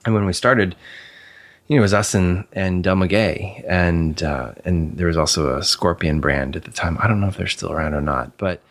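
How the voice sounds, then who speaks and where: A man with a notably low, deep voice talks as a guest in easygoing conversation. He is candid and emphatic, drops the odd swear word, and doubles back on words while he works out what to say. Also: moderate pace. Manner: repeats words as he searches for phrasing. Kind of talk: casual conversation.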